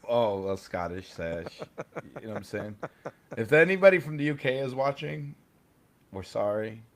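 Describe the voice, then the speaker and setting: Playful dude cohosting a podcast, pitch all over the place, teasing and laughing. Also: male voice, lively intonation, normal speed. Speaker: podcast co-host. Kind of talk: casual live podcast chat.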